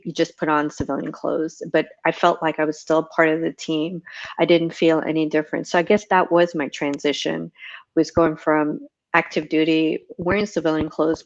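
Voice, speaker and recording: Guest: middle-aged woman, very low voice, relaxed and rambling, slightly muffled audio. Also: creaky. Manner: rambling, many ums, laughs at herself. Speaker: guest, retired Navy chief petty officer. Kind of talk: relaxed storytelling interview.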